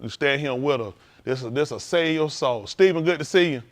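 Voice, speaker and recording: A man's voice: a little high, fairly quick. A man hosting a livestream, talking casually and joking, acting out quoted voices. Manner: animated storytelling, acting out quoted voices, laughing. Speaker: livestream host at a congregation.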